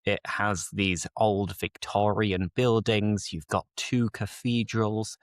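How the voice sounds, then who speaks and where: A young man from England hosting a learners' podcast, talking in a fairly low voice. He explains local words with eager enthusiasm, stopping to define them. The sound is dry and close to the mic. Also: fairly even intonation, takes it slowly, dry recording. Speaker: English teacher and podcast host. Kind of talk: casual explanatory chat.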